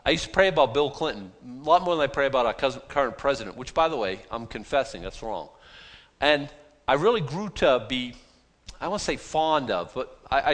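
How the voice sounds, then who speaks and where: A Boston pastor, a man with the local accent, delivers a loose, chatty sermon full of self-deprecating asides. His voice sits at medium pitch with a slightly bright edge, and a long hall reverb trails his words.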